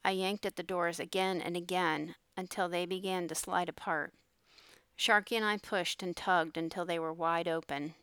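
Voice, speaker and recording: A woman narrating an audiobook in a steady, measured reading, recorded on a close mic. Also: on the low side, clean tone, dry recording.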